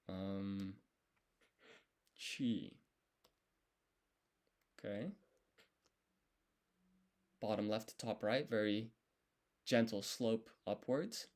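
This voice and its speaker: Low-voiced man thinking aloud while studying. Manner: thinking aloud, self-correcting, relaxed. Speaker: language learner streaming his study. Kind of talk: casual live-stream study session.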